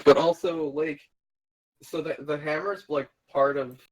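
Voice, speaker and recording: A man playing a tabletop game, easygoing and thinking out loud, swearing casually now and then. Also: fairly high pitch, steady tone, unhurried, dry recording, poor audio. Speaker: player.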